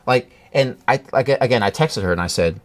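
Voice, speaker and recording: A man telling a personal story to camera in a halting, earnest way, with many restarts and fillers. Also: mid-range voice, animated. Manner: earnest, confiding. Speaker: vlogger.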